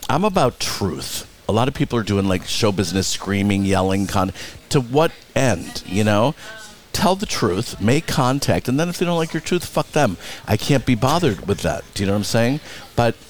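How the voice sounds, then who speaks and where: A man being interviewed, telling theater anecdotes in a blunt, animated way, acting out other people's lines and swearing freely. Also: mid-range voice, normal speed. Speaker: Broadway producer and director, guest. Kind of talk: casual interview storytelling.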